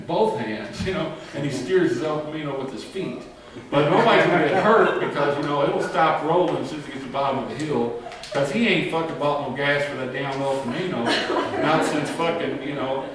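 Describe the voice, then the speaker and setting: A man doing a crude, rambling stand-up monologue, swearing a lot and laughing at his own jokes. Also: on the high side. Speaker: stand-up comedian. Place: live comedy venue. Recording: echoey live room from far off. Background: crowd.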